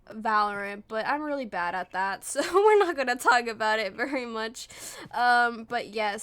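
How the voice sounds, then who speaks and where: A woman's voice: a little high, bright, forceful tone. A young woman talking over her game build footage, rambling and apologizing with a self-deprecating, laughing manner. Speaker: gaming video creator.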